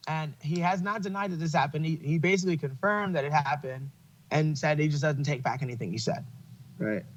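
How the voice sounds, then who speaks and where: A man's voice: a little high, fairly quick, lo-fi sound. Profane, opinionated man with a raised voice. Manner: profane, opinionated, laughs while telling stories. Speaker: podcast host. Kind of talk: casual chat.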